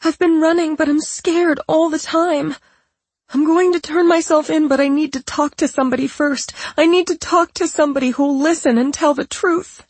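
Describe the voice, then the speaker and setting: A woman's voice: very high voice, expressive, normal speed, dry recording, pitched above the performer's own voice. A woman voicing a scheming young woman who fakes terror on a phone call, speaking in a shaky, quavering, pleading voice. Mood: fake panic. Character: scheming young woman faking terrified sobs.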